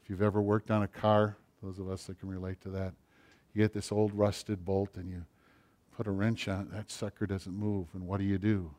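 A middle-aged man preaching a sermon, rising to loud passages and dropping to near-whispers. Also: low-pitched, flat delivery, brisk. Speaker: pastor.

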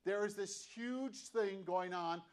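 A man's voice: sits high, slow. A man preaching a sermon with emphatic, rising delivery and many rhetorical questions. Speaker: pastor.

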